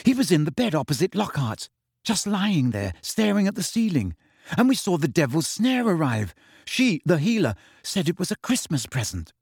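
Man doing teenage schoolgirl witch, earnest, urgent, higher voice, storybook reading, dry sound. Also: big pitch swings, normal speed, darkish tone, husky, no room sound, exaggerated voice.

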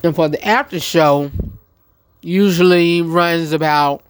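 A man's voice: fairly high pitch, fairly even intonation, takes it slowly, smooth, dry recording. A man hosting his own show, chatting casually to his live-stream audience, rambling with many ums and restarts while eating. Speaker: show host. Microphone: phone.

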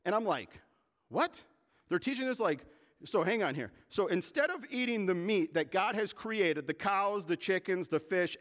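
Male pastor, sermon. Slightly high, very animated, gets fired up. Long reverb of a big room. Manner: animated, gets worked up, fast bursts of indignation.

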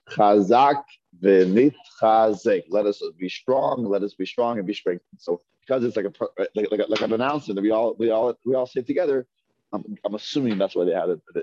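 In this slow, syllable-by-syllable Hebrew reading lesson, a man with a fairly low, mellow voice patiently breaks words into syllables and asks his students to say them back. The audio is lo-fi.

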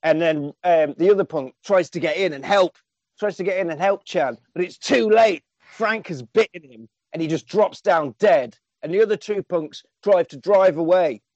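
A man's voice: fairly high pitch, a little mellow, dry recording. A man, animatedly recapping a film on a podcast and swearing casually. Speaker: podcast host. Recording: dull lo-fi dry sound.

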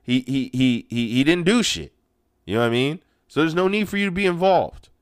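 A man's voice: fairly high pitch, lively intonation, fairly quick, smooth, no room sound, clean studio sound. A young man hosting a show, delivering a heated, profane monologue with strong emphasis. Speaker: podcast host. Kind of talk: ranting monologue.

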